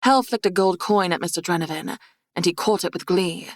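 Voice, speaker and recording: Low-voiced woman narrating an audiobook. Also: fairly quick, dry recording, studio quality. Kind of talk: scripted fantasy narration.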